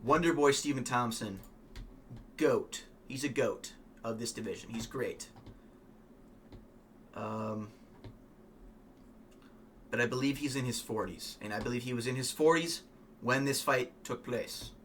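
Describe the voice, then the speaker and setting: A man giving casual, rambling, opinionated fight commentary, swearing often and filling pauses with ums. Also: mid-range voice, fairly bright tone, slight background noise. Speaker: MMA fan vlogger.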